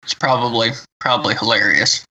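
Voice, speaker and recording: A man's voice: mid-range voice, a little fast, bright, forceful tone, slightly rough, lo-fi sound. A man co-hosting a podcast in casual chat, rambling and circling back as he talks. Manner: rambling, full of fillers and restarts. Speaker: podcast co-host.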